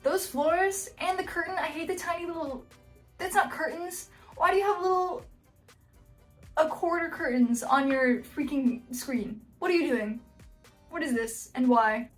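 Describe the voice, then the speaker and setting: A woman's voice: sits high, unhurried, faint music behind. A woman hosting a casual reaction video, blunt and joking, with frequent exclamations. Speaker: YouTube host reacting to house listings.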